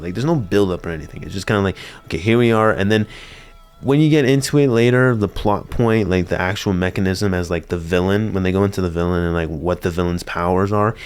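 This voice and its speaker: A young man talking through his thoughts on an anime film in a casual, rambling way, stammering and restarting now and then with a laugh. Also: on the low side. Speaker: anime reviewer. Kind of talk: casual spoken review.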